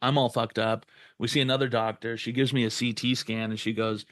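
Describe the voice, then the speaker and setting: Young male podcast co-host, mid-pitch, retells a story with lots of swearing and quoted voices, dry close sound. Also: little pitch movement, fairly quick, a bit bright, no echo. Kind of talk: casual storytelling.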